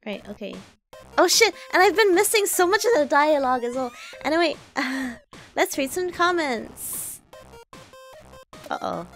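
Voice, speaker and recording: Excitable young woman streamer with vocal fry. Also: sits high, a little slow, faint music behind. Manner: excitable, swearing, reacting aloud. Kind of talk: live gameplay commentary.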